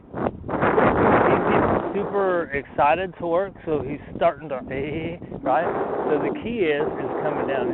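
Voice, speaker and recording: A man training his dog outdoors, talking himself through it in a relaxed way between short commands to the dog. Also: a little high. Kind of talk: casual training explanation. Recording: tinny phone-like, noisy outdoors.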